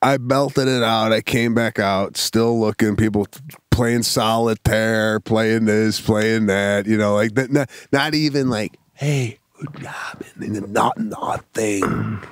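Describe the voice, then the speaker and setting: A man co-hosting a podcast, telling stories in animated, self-mocking bursts. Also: on the low side, measured pace, no echo, clean studio sound. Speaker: podcast co-host. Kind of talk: casual comedic storytelling.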